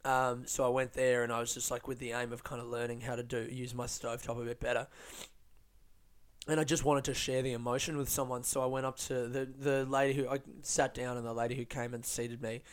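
A man hosting a podcast, telling stories in an animated, sweary way and laughing often. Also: medium pitch, a little fast. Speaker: podcast host and stand-up comedian. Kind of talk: casual podcast monologue.

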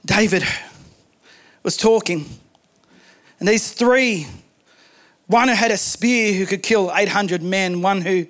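A man preaching a sermon, telling stories in an animated way with humorous asides. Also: sits high. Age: adult, married.

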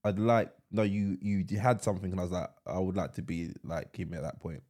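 A man's voice: sits low, fairly even intonation, brisk, mellow. A man co-hosting a casual podcast, laughing often and repeating himself as he talks. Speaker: podcast co-host. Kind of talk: casual chat.

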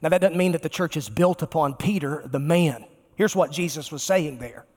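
A pastor, a man, preaching a sermon emphatically and slowing down to stress key words. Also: a little high, a little mellow. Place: large church sanctuary. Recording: long reverb of a large church.

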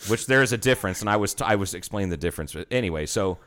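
A man in his thirties, a bartender hosting a casual podcast, telling animated, profane stories and acting out the people in them. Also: lowish voice, rapid-fire. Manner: animated storyteller, swears a lot, acts out quotes.

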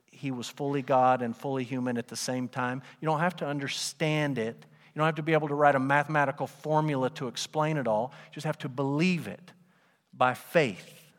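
A man's voice: medium pitch, fairly even intonation, a little fast. A man preaching a sermon to his congregation, in a conversational style with rhetorical questions. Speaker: pastor. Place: church sanctuary. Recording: long hall reverb.

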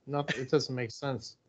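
A man's voice: medium pitch, fairly even intonation, measured pace, breathy edge. A man co-hosting a casual podcast, adding wry comments about a movie. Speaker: podcast co-host.

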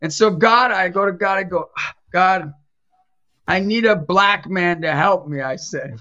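A middle-aged man with a high, bright, ringing voice tells stories in a relaxed chat. He plays out every quoted line in an animated way. The recording sounds a little dull and lo-fi. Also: unhurried. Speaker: Catholic evangelist and youth basketball coach. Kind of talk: casual storytelling in a podcast chat.

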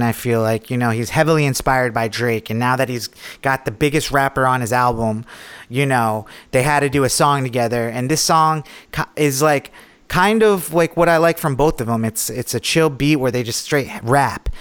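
A man's voice: medium pitch, a bit bright, smooth. A man co-hosting a podcast in casual chat, laid-back and rambling as he talks. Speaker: podcast co-host.

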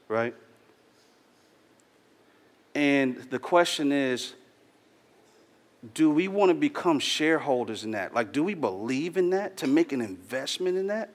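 A man preaching a sermon in a casual, slangy, earnest storytelling way, addressing his church. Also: medium pitch. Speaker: pastor. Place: church hall. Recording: long hall reverb.

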